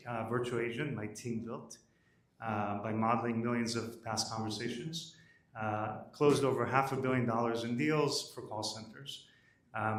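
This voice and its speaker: A man pitches his startup live at an event, brisk and matter-of-fact. He is picked up from across an echoing room. He leans on "uh" as he moves between points. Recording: roomy audio from a distance.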